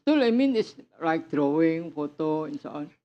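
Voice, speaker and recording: A man in a class asks a question haltingly, searching for his words. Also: on the high side, very animated, dull audio. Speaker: class participant asking a question.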